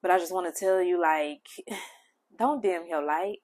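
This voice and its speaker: A woman hosting a spiritual channel, speaking gentle, heartfelt affirmations straight to the listener. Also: on the low side, unhurried, pauses often. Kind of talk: affirming spiritual message to the viewer.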